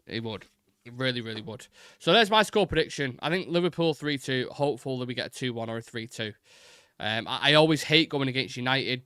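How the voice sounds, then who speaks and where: Lad hosting a footy livestream, swears a lot, smooth clear voice, dead dry close mic. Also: male voice, mid-range voice, fairly bright tone, no echo. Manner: blunt, sweary and opinionated; reads and answers chat comments. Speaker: host. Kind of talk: live-stream football chat.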